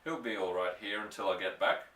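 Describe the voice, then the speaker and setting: Brief: calm, plain-spoken father, read by a man, bright voice, echoey room. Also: sits low, a little fast, recorded from a distance. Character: steady working father, man. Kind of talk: storybook reading aloud.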